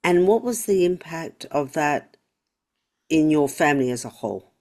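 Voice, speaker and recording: A woman's voice: low-pitched, animated, normal speed, darkish tone. A woman hosting a podcast interview, empathetic, asking long and thoughtful questions. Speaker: podcast host. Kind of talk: conversational interview.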